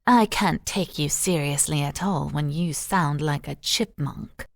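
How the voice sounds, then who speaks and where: A woman's voice: deep voice, vocal fry, no echo, studio quality, full character voice. Cruel storybook sorceress who savors every mocking word, a woman reading her. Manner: slow, mocking, drawn-out delivery.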